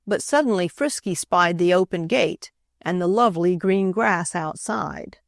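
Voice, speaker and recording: A woman narrating a classic children's storybook in a steady, clear reading voice. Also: fairly low pitch, measured pace, dry recording, studio quality. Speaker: audiobook narrator.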